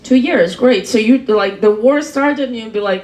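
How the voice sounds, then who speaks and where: A woman's voice: fairly high pitch, moderate pace, a little mellow. Teasing woman hosting stand-up, echoey room. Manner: teasing, chatty, laughs between jokes. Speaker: comedy host. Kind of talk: stand-up and crowd work. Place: comedy venue, roomy.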